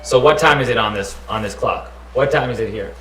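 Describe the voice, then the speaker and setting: In an echoey room with background noise, a man with a fairly low voice briskly teaches the Arabic alphabet through playful call-and-response drills. He repeats each letter's sound and uses silly tricks to help it stick.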